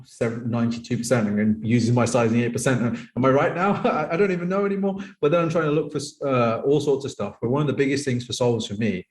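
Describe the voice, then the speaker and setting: A man's voice: mid-range voice, a little mellow. A man, a poker coach speaking as a podcast guest in casual conversation, acting out other people's lines as quotes. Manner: fast-talking, acts out others' lines in quoted voices. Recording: roomy echo.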